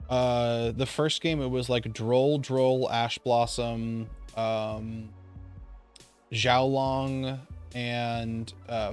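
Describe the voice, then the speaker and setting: Casual male vlogger, mid-pitched, rambling tournament recap with faint music underneath. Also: smooth. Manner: rambling, loose storytelling with swearing. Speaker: card game player.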